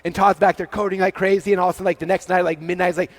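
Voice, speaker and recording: This high-pitched man, in his forties, is energetically giving a keynote talk in front of a live audience on a big stage. He plays out dialogue in fast quotes and fills his speech with "like."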